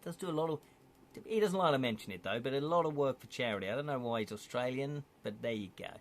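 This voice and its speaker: A man's voice: medium pitch, animated, fast. A man streaming live, reading an interactive gamebook aloud and chatting to viewers, laughing often.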